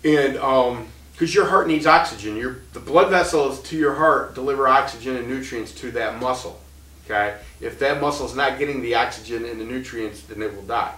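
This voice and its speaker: A man's voice: medium pitch, normal speed, a bit bright, distant mic. Rambling man telling a story in an echoey room. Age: 30s. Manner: rambling, with many restarts and laughs. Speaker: vlogger telling his own story. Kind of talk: casual storytelling.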